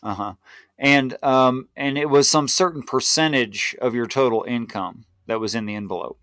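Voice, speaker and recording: A man's voice: medium pitch, moderate pace, fairly bright tone, no echo. A man hosting a live stream, asking careful clarifying questions in casual conversation. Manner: probing, asks clarifying questions.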